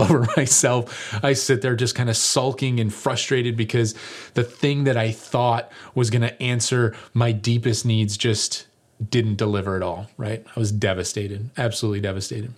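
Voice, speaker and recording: A young man, a pastor, opening his sermon with a lively personal story and putting casual questions to his congregation. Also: medium pitch, moderate pace. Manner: animated, self-mocking storytelling; conversational, rhetorical questions to the congregation.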